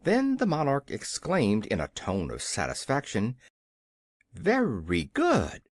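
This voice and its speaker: An audiobook narrator reading a children's fantasy story in an expressive storytelling way. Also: mid-range voice, moderate pace, no room sound, studio quality. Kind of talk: scripted narration.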